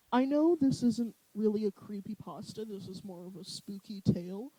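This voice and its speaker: A young co-host on a podcast, telling stories in an animated way and laughing often. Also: medium pitch, takes it slowly, breathy edge, low-quality recording. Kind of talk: casual chat.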